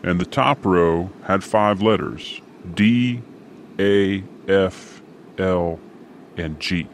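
Deep, slow deadpan storyteller man. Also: slight background noise. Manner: dry, deadpan humor. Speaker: narrator. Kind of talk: storytelling narration.

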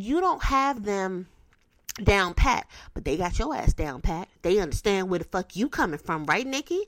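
A woman's voice: mid-range voice, big pitch swings, moderate pace, dry recording. A young woman hosting a podcast, giving blunt, profane, streetwise advice in a casual way. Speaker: podcast host.

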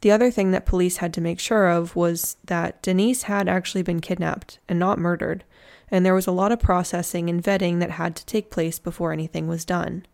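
A woman's voice: on the low side, fairly even intonation, fairly quick, creaky, darkish tone. A woman telling a true crime story in a casual, chatty way, with slangy joking asides.

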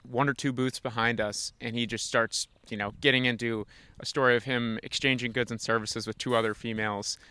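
A young man sits in as a guest on a podcast, winding through a long story and stretching it for laughs. His voice sits in an everyday middle pitch. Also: steady tone, brisk, pushed and bright, clear, resonant tone, no room sound. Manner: rambling storyteller with comic exaggeration. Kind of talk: casual chat.

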